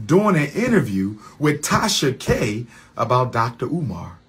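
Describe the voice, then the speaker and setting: A man delivering a heated monologue rant on his own channel, repeating lines in a preacher-like cadence and swinging from low mutters to loud, high questions. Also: very animated, a little slow, breathy edge.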